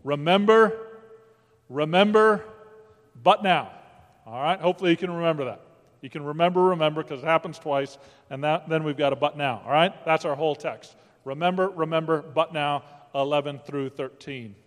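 A man's voice: a little high, brisk. A man preaching a sermon as pastor, emphatic and rising, often calling out to the congregation. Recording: long hall reverb.

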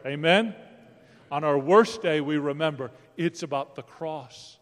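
A man's voice: a little high, measured pace. Emphatic preaching man in an echoing hall. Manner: emphatic preaching with rising calls of "Amen?". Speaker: pastor. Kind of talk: sermon. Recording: long hall reverb.

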